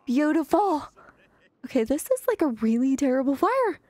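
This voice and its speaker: Excitable high-voiced woman narrating gameplay. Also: moderate pace, no echo, studio quality. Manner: excitable and chatty, talking to viewers. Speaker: gameplay commentator. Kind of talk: casual let's-play commentary.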